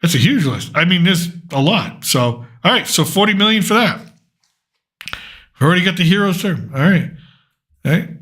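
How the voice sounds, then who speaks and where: Hosting a casual political commentary show solo, an American man rambles and thinks out loud while working through lists. His slightly high voice is bright and pushy, with lively intonation, a moderate pace, and frequent pauses.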